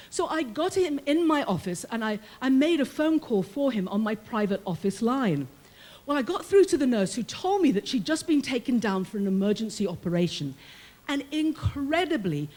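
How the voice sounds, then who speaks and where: A middle-aged woman with a British accent tells a personal story from her time as a prison chaplain. Her voice sits high and swings widely in pitch as she plays out the people she quotes. Her delivery is warm and humorous, paced for a live audience. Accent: British English. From Britain.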